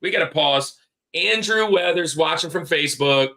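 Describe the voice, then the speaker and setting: A man hosting a podcast, chatting casually and greeting listeners in quick, friendly bursts. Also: fairly high pitch, sharp tone. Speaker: podcast host.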